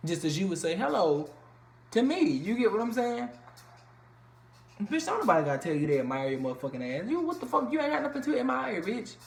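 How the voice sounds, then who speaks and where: With a high, creaky voice and very animated delivery, a man talks a little fast through a blunt, profanity-filled reality show review. It's casual vlog commentary recorded in an echoey room at home with faint ambience.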